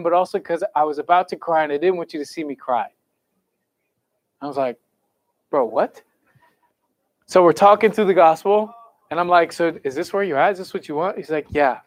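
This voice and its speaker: A young camp speaker with a voice that sits high tells a conversion story in a sermon to students and counselors, then leads a prayer. He's earnest and conversational, casually quoting people, and the recording is dry.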